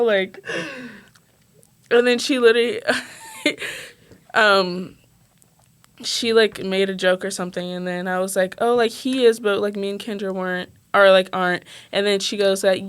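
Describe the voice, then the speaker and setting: A woman's voice: on the high side, unhurried, long pauses. A young woman co-hosting a podcast, telling a story in casual chat, laughing often and filling her speech with "like". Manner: animated, laughing, says "like" constantly. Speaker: podcast co-host.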